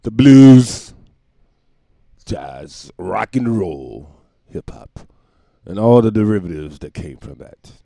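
Gravelly, animated man doing a comedy rant. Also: low voice, slow pace, no echo, studio quality. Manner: profane, rambling, self-mocking, laughs often. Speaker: podcast host. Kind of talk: comedic solo monologue.

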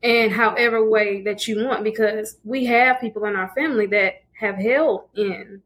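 A woman's voice: medium pitch, steady tone, normal speed, a bit bright, slight background noise. A woman on a casual podcast speaking in an earnest, reflective way. She talks steadily as she offers advice. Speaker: podcast co-host. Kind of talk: casual chat.

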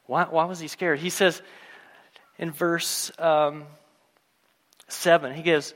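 A man preaching a sermon, retelling a story and acting out its characters' lines in a lively storytelling manner. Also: fairly high pitch, slow, long pauses, in a large hall. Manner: storytelling, acts out voices of the characters.

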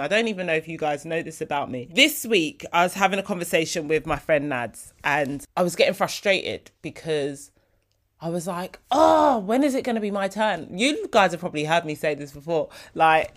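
A woman's voice: lowish voice, a bit bright. A young woman, hosting a casual solo podcast in a chatty, heartfelt way. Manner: chatty, heartfelt, slips into quoted voices. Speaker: podcast host.

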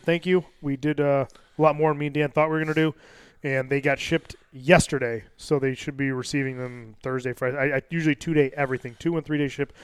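A man's voice: on the high side, clear, resonant tone, no echo. A man hosting a podcast, telling stories with lots of swearing and doing the sponsor reads in casual banter. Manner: profane, animated storytelling. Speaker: podcast host.

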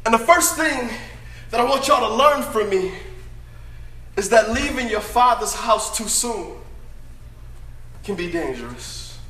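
A man's voice: very high voice, animated, measured pace, pauses often, roomy sound, slight background noise, heavily acted. A man playing the brash prodigal son. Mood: boastful. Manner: emphatic, preachy, often shouting. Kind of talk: dramatic first-person monologue to an audience.

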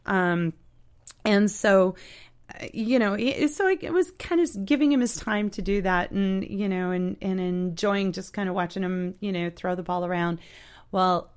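A woman tells a heartfelt story in casual chat. Her voice sits at a middle pitch. She talks haltingly, restarting often and filling pauses with "you know". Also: clear, resonant tone. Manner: earnest, heartfelt. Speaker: storyteller guest.

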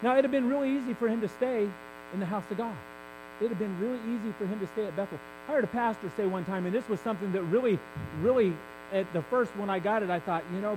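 A man's voice: high-pitched, noisy background. A man preaching a sermon in a candid, conversational way, building to emphatic peaks.

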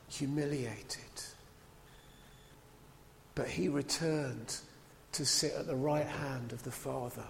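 A man delivering a sermon, lively and conversational, with asides to the congregation. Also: fairly high pitch, slight background noise. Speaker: preacher. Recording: long hall reverb.

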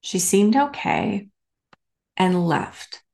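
A woman podcast host telling a personal story in a candid, animated way with casual asides. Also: medium pitch, drawn-out words, creaky, reverberant.

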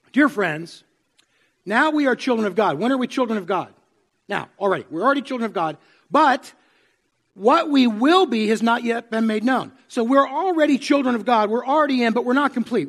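A man with a notably high-pitched voice delivers a sermon to a congregation in a church sanctuary. He talks in a conversational way and keeps checking in with his listeners through questions. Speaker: pastor.

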